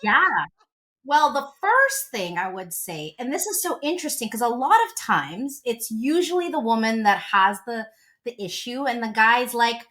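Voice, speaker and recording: A woman in her forties, a relationship coach, talking as an interview guest in a gushing, animated storytelling way. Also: fairly high pitch, normal speed.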